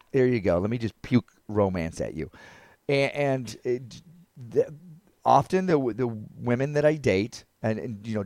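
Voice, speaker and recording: A man co-hosting a podcast in casual chat, an animated storyteller who laughs often. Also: mid-range voice, no room sound, clean studio sound. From North Carolina. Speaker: podcast co-host.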